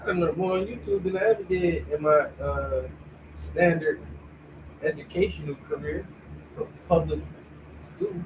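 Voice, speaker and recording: A man rants in a mocking, slangy way, pitched somewhat high. He sounds a little far from the mic, with faint noise behind. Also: moderate pace, long pauses. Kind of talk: casual ranting.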